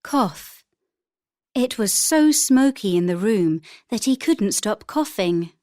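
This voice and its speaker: A woman reading vocabulary words and example sentences for a textbook in a clear, deliberate manner. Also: medium pitch, expressive, a little mellow, dry recording, studio quality. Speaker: textbook audio reader.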